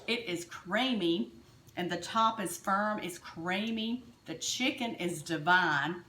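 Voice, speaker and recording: Her lowish voice pushed and bright, an Alabama woman with a Southern accent takes it slowly and animatedly as she hosts a chatty cooking demo in her home kitchen. She's folksy and enthusiastic, keeps saying "y'all" to her viewers, and the room is reverberant.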